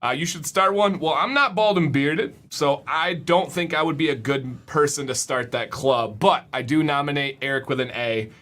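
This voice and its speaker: A man's voice: a little high, moderate pace, few pauses, fairly bright tone. Upbeat man hosting a livestream. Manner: upbeat, repeats words, reads chat aloud. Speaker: livestream host. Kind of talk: casual livestream chat.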